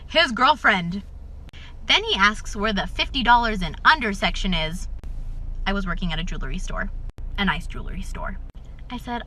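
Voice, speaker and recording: A woman telling a casual storytime and acting out both sides of the dialogue with lively energy. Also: mid-range voice, brisk, slight background noise, poor audio.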